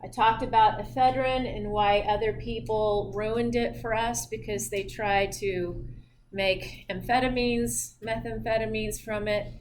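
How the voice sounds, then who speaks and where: A woman's voice: fairly high pitch, fairly even intonation, a little slow, slight background noise. A woman instructor giving a recorded physiology lecture in a chatty way, with jokey asides and laughter at her own slips.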